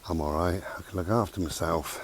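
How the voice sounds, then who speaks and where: A man's voice: sits low, a little fast. A man vlogging outdoors with a handheld camera, chatty and rambling, a little out of breath from walking. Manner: rambling, chatty, talks to his dog. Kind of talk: casual outdoor vlog talk. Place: outdoors in a park. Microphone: handheld camera mic. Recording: faint outdoor background noise.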